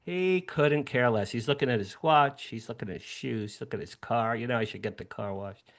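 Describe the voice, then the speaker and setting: An older man in his sixties from New Jersey recounts a memory as an interview guest, speaking over a video call from a room at home. He talks at an ordinary mid pitch, but his storytelling is animated, and he leaps upward whenever he acts out his younger self. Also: a little fast, few pauses. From New Jersey, USA. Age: 60s. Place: home room with a drum set.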